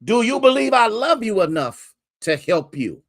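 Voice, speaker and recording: A man voicing a calm divine voice from the clouds that asks steady questions in a sermon story. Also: high-pitched, moderate pace, pitched above the performer's own voice, heavily acted. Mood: calm questioning.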